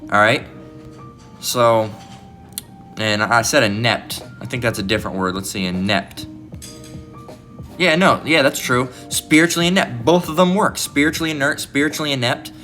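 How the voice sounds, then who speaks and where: A man's voice: mid-range voice, normal speed, pauses often, bright, forceful tone, soft background music. A man giving informal, blunt preaching commentary, often restarting and asking "all right?".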